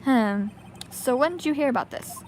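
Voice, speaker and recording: A woman reading the lines of a young male defense attorney from a game, quiet, dry and musing. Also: sits high, animated, moderate pace. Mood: wary. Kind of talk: reading game dialogue aloud.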